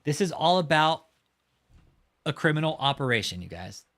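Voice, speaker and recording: A man's voice: a little high, sing-song, moderate pace, fairly bright tone. Profane, mocking livestream host man. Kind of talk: casual livestream commentary.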